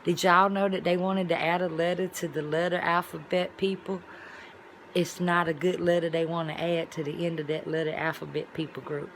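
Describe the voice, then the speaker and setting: A woman vlogger telling a story in a casual, colloquial way, with sudden loud exclamations. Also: on the low side, level tone, normal speed, slight background noise.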